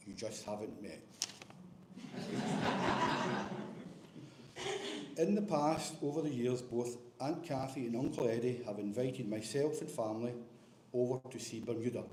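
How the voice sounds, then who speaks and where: A man's voice: medium pitch, a little mellow. A man giving a eulogy for his aunt at a memorial service, friendly with light humor. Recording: echoey hall with faint noise.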